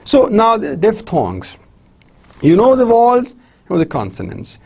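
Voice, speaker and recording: A male lecturer with a Pakistani English accent reads out pronunciation examples one word at a time. His voice sits high, is a little husky, and moves at an unhurried pace. He calls his listeners "my dear students.". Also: wildly swooping pitch, darkish tone. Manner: drills example words with frequent "right?" and "see". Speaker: university lecturer.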